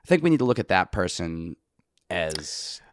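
A man's voice: low-pitched, big pitch swings, moderate pace, no room sound. A man co-hosting a podcast, telling stories in a wry, joking way. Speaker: podcast co-host. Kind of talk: casual chat.

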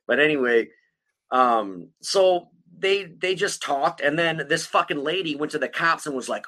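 Male podcast host, bright lively delivery, profane and blunt, quick to laugh at his own story. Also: fairly high pitch. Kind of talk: casual true-crime storytelling.

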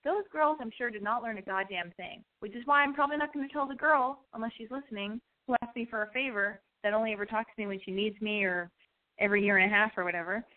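A woman hosting a call-in show, telling a profane story in an animated, ranting way. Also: a little high, quick pace. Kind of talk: call-in radio monologue. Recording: tinny phone-like sound.

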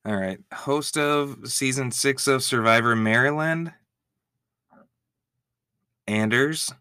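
A man giving excitable, gushing reaction commentary, swearing freely as he reacts. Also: medium pitch, takes it slowly, smooth, no echo, studio quality.

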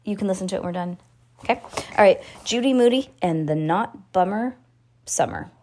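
A woman's voice: mid-range voice, expressive, a little fast, a little mellow, slight background noise. A woman in her thirties, a mother hosting a podcast, chatting with her child and reading a children's book aloud in a giggly, talkative way.

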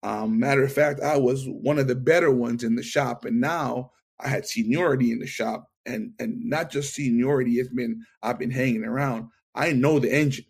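A middle-aged man tells his testimony in an interview in a gravelly, husky voice. He talks in an animated way and acts out each line of dialogue. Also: medium pitch, normal speed, few pauses. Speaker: interview guest.

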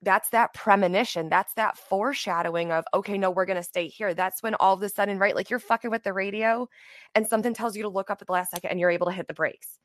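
A woman in casual chat as a podcast co-host, talking fast and swearing as she speculates. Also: medium pitch, a bit bright, no room sound, clean studio sound.

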